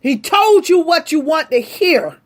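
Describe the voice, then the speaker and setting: A woman delivering an impassioned, angry rant straight to her audience, speaking forcefully. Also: high voice, big pitch swings, measured pace. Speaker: vlogger. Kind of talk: impassioned direct-to-camera rant.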